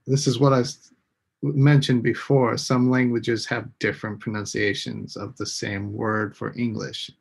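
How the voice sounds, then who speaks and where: A man's voice: medium pitch, gravelly, husky. A man teaching a live online English lesson, patiently modeling words for students to repeat.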